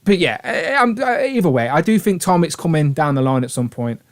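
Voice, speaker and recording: A British man hosts a casual live stream, his voice sitting a little high. He rambles along with eager enthusiasm and reads out viewers' names as he goes. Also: sing-song, fairly quick. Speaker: livestream host.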